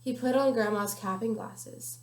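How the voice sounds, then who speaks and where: A woman's voice: a little high, measured pace, a little hiss or hum. A young woman reading a children's picture book aloud carefully, with small slips now and then. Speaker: guest reader. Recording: echoey room.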